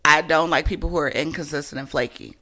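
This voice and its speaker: A brassy woman with a bright, forceful voice tells a story in casual podcast chat. She swears freely and performs every line of dialogue, hers and the other person's. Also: low voice, fast. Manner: blunt, profane, reenacts both sides of conversations. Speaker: podcast co-host.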